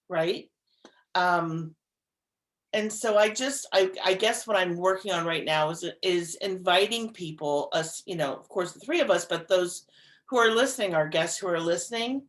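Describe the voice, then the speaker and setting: Woman cohost on a podcast, earnest and emphatic, says things twice to drive them home. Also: medium pitch. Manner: earnest, emphatic, repeats phrases for stress. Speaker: podcast co-host. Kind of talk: casual podcast conversation.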